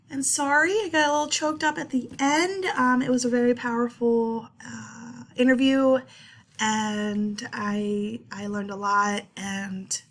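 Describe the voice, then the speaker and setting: A young adult woman giving a class presentation, earnest and a little emotional, pausing often with fillers. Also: a little high. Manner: halting with many ums, earnest and emotional. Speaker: student presenter. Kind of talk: class presentation reading interview notes.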